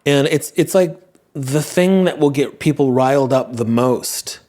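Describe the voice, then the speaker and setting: A man's voice: mid-range voice, a little slow, mellow. A young man hosting a podcast, musing earnestly on listener messages in a casual monologue, with sudden emphatic rises.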